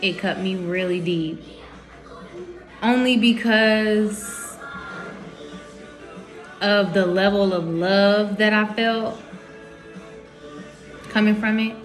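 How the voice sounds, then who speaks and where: A woman's voice: mid-range voice, slow, pauses often, faint music behind. A young woman telling a personal story to camera at home, candid and emotional, with informal slangy quoted speech. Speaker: vlogger.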